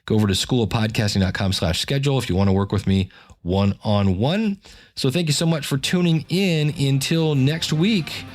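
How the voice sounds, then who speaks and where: A man's voice: on the low side, expressive, brisk. A man hosting a podcast, giving a friendly, chatty sign-off with plugs and reminders. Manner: friendly, chatty promo with fillers. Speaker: podcast host.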